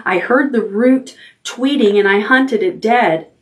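A woman voicing an eager young owl in a storybook, proud and excitable. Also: a little high, a little slow, pitched above the performer's own voice, lightly acted. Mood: boastful.

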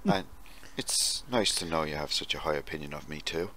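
A man's voice: rumbling low, brisk, pushed and bright, a little hiss or hum. An Irish man co-hosting a podcast in casual chat, stumbling and apologetic, laughing often. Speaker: podcast co-host.

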